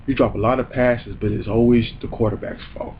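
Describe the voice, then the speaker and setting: A man's voice: medium pitch, fairly even intonation, brisk, highs cut off, slight background noise. Man ranting, profane and mocking. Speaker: comedy show host. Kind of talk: ranting comedic commentary.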